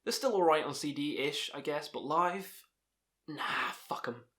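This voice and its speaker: A young channel host tells rambling, sweary stories about festivals in a casual monologue, laughing at himself along the way. His voice is a little high, a bit bright, and somewhat slow.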